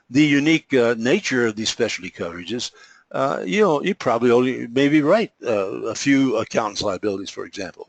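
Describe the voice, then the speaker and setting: A man's voice: mid-range voice, no room sound. A man hosting an informal presentation, rambling with many fillers, restarts and folksy exclamations while walking through examples on screen. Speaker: host presenting an insurance marketing service.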